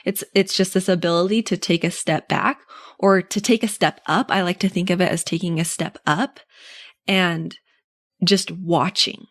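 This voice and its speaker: A woman's voice: lowish voice, vocal fry. A young adult woman hosting a solo coaching podcast, talking earnestly and encouragingly, often acting out the thoughts in a listener's head.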